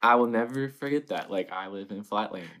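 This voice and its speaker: A young man from Northern Kentucky hosting a casual interview, chatty and animated, filling his speech with "like". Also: fairly low pitch, brisk. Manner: chatty and animated, with constant "like" fillers. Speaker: interviewer, host.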